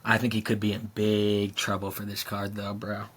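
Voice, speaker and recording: A man's voice: on the low side, monotone, moderate pace, a bit bright, slight background noise. A young man co-hosting a podcast in casual chat, laid-back and saying "dude" often. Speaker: podcast co-host.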